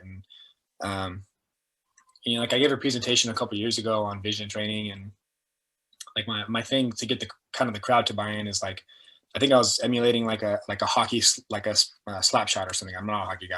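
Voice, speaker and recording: A young man with a bright, forceful yet husky voice, swapping coaching stories on a podcast. His delivery is casual and animated, dotted with "like" and "dude". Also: on the low side. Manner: animated, lots of fillers like "like" and "dude". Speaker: strength and performance coach, guest. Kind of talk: casual storytelling.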